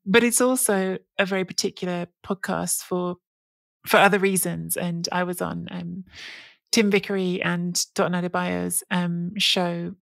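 A woman co-hosting a podcast, talking in a loose, rambling way and often restarting her sentences. Her fairly low voice has a gravelly edge, and the sound is dry and close with no room around it. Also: steady tone, a little slow, no room sound. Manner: rambling, with frequent restarts and fillers. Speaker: podcast co-host. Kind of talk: casual podcast chat.

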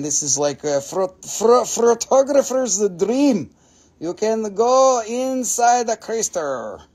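A man with an Appalachian accent hosting a live mineral sale, excitable and jokey, swearing casually as he talks. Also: high voice, vocal fry.

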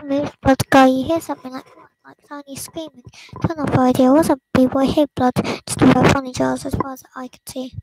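A woman with a high, fairly level voice reads a film script aloud at home, tripping over words and restarting lines. She slips into whispers now and then. The sound is dry and close, with no room around it. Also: steady tone, brisk, hardly any pauses, a little mellow, slightly rough, no echo, poor audio. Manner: stumbling read-through with restarts and whispered asides. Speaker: channel host. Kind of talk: casual reading of a film script.

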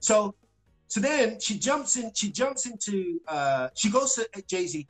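British man, singer, casual live-stream storytelling, animated, fillers and restarts, faint music behind. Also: high-pitched, takes it slowly, rough recording. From Britain. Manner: animated, acts out quotes, lots of fillers and restarts. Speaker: singer telling stories as a guest.

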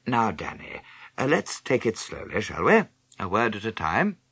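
A stern, quietly menacing headmaster, as a male reader puts him on speaks in a low, husky voice that swings widely in pitch. His words come measured and cutting. The delivery is dry and close for a storybook reading. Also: huge pitch swings, no room sound, full character voice. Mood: weary, patient. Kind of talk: audiobook character reading.

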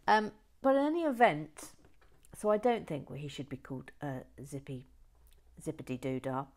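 A woman hosting a relaxed building video, talking softly and often dropping to a whisper. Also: sits low, normal speed. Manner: soft-spoken, often dropping to a whisper, chatty. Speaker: host of a toy building channel.

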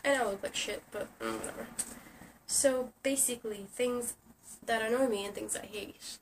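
A woman's voice: on the high side, normal speed. A young woman who is sick, ranting sarcastically in a casual vlog and swearing often. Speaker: vlogger. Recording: distant camera mic with faint hiss.

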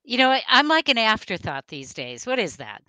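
A female co-host adds dry, wry remarks to podcast banter. Her voice is bright and sharp at a middle pitch, recorded dry and close. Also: big pitch swings, fairly quick, no echo. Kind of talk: casual comedic chat.

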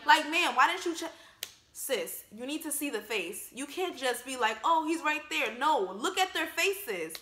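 A young woman giving casual, joking movie commentary in an emphatic, animated way. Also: high-pitched, a little slow, roomy sound. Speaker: vlogger reacting to a film.

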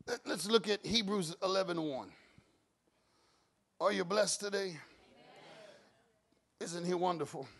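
Shifting between soft speech and shouted preaching, a man delivers a sermon as pastor and performs both his prayers and God's answers. His voice is high and creaky.

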